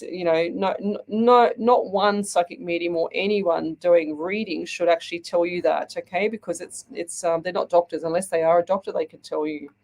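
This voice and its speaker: A woman, hosting a live psychic reading show, chatty and halting, with many fillers. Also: fairly low pitch, darkish tone. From Australia. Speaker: psychic medium host.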